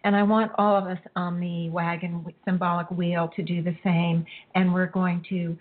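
A woman leading a guided spiritual healing, speaking softly and emotionally, with halting pauses and a husky voice. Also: lowish voice, flat delivery. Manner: soft, emotional, halting, tearful at times. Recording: tinny phone-like line.

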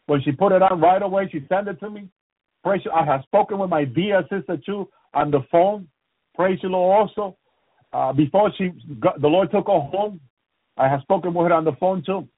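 Male preacher, fervent and repetitive, husky high voice, tinny phone-like radio sound. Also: fairly quick, no room sound. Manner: fervent, repetitive, frequent "praise you, Lord" asides. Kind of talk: end-times radio preaching.

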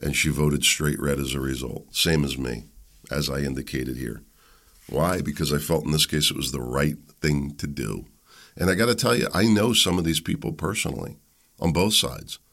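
A man's voice: rumbling low, normal speed, creaky. A man hosting a political talk show, giving a blunt, opinionated monologue with frequent restarts. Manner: animated, blunt, with frequent restarts and mock voices.

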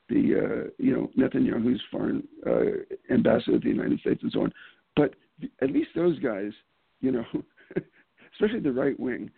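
Raspy gravelly guy on a tinny phone call, chatty interview guest, lots of restarts. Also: medium pitch, dry recording. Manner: animated storyteller, many restarts and laughs. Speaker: political candidate guest. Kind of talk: casual interview talk.

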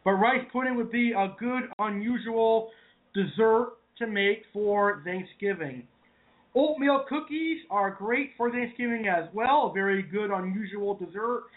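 A man's voice: high-pitched, a little slow. A man from Massachusetts, hosting a casual online cooking show and chatting to viewers as "folks". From Massachusetts, New England. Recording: tinny phone-like audio.

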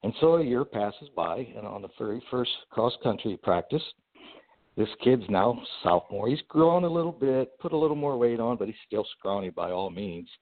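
A man, a guest on a podcast interview, telling a long personal story in an animated way, with fillers and restarts. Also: medium pitch, moderate pace. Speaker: guest entrepreneur. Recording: tinny phone-like line.

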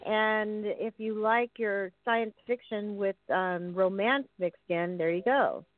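A woman's voice: mid-range voice, steady tone, slow pace, no echo. A woman hosting a casual chat about films, chatty and often searching for words. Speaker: podcast host. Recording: tinny phone-like sound.

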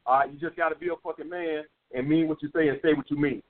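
A man in his own voice, somewhat high for a man, lecturing listeners in a blunt, profane, repetitive way. The sound is narrow and phone-like, as on a lo-fi call-in radio stream. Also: steady tone, quick pace. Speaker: dating advice host. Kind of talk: call-in radio advice talk.

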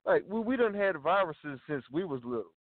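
A man's voice: a little high, sing-song, normal speed, no room sound. A man co-hosting a talk radio show, ranting in heated casual talk, swearing a lot and tagging his lines with slang asides. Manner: profane, repeats himself, tags lines with "you dig", "bro", "dog". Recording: tinny phone-like audio.

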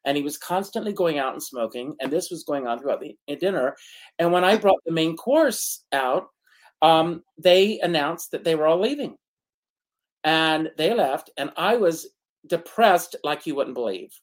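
In a casual talk-show chat, a male co-host with a high-leaning, expressive voice spins a personal story at normal speed, adding dramatic flair and laughing over the sad bits.

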